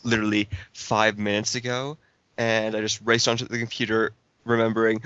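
A man guesting on a podcast, just woken up, talking in a flat sleepy monotone. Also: on the low side, a little fast, clean tone, dry recording, lo-fi sound. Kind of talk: casual chat.

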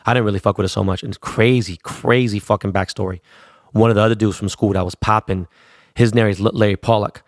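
A man's voice: lowish voice, steady tone, fast, dry recording, clean studio sound. A middle-aged man from Los Angeles telling a rambling story in casual, slangy talk, swearing constantly.

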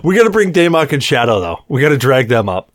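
A young man spinning a casual, profane bar story with a lively, swooping voice. He sits close to the mic in a dry room, and his pitch sits in the middle of a man's range. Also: fast, no echo. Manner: animated, swearing, acts out quotes. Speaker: podcast co-host.

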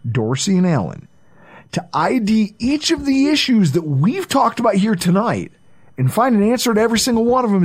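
A man hosting a sports podcast, talking in a casual, animated way with some swearing. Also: sits high. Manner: animated, swearing, breaks into impressions. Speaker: podcast host.

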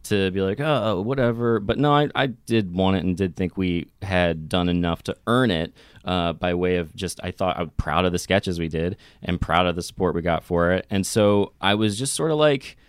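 Smooth low-voiced man, earnest podcast talk. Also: normal speed, few pauses, no echo, clean studio sound. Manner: earnest, reflective, loose rambling with fillers. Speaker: podcast co-host. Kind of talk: casual podcast chat.

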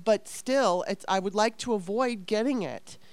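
Woman co-host, fired-up and exasperated, swears freely; smooth, dry recording. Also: mid-range voice, a little mellow, no echo. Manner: fast, exasperated venting with frequent profanity. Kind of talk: heated casual conversation.

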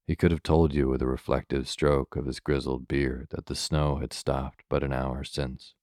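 A man reading a bedtime story aloud in a slow, soothing, measured way. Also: a bass voice, little pitch movement, darkish tone, no echo, clean studio sound.

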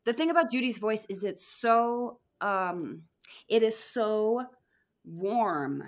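A woman's voice: mid-range voice, lively intonation, takes it slowly. A woman who performs in musicals, chatting and gushing as a podcast guest, with lots of fillers. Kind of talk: casual chat.

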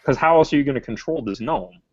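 A man's voice: medium pitch, fast talker, no echo, muffled recording. A man co-hosting a podcast, arguing and swearing in casual banter. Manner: profane, argumentative. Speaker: podcast co-host.

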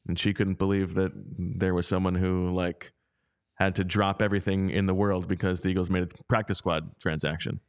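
Low-voiced man hosting, dry teasing. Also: little pitch movement, moderate pace, clean tone. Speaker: podcast host. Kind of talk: casual sports talk.

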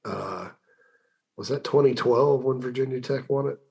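A man's voice: mid-range voice, vocal fry, a little mellow. A man hosting a call-in sports talk show, talking loosely with repeated words and fillers. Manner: rambling, conversational, repeats words, pauses with fillers. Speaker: sports radio host.

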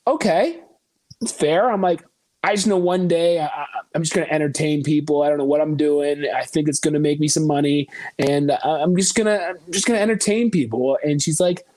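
A man's voice: fairly high pitch, a little fast, dry recording. A young man from Canada, a country singer guest on a podcast, chatting casually and acting out the voices of people in his stories. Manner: animated storytelling, acting out quoted voices.

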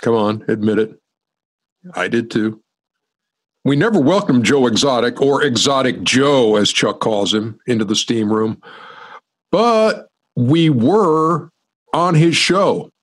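A man's voice: medium pitch, expressive, slow pace. Wry man narrating a host's links. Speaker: host. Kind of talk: scripted narration.

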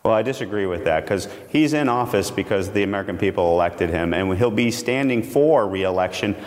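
Low-voiced congressman guest, careful and hedging, sounds like a reverby remote studio. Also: animated. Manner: measured, hedging. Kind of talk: remote news interview.

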